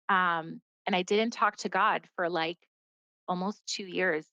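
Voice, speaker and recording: A woman's voice: fairly low pitch, fairly even intonation, measured pace, pushed and bright, dry recording. Earnest woman guest, dry dull audio. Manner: earnest, heavy use of "like" as a filler. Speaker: podcast guest. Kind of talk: casual conversational storytelling.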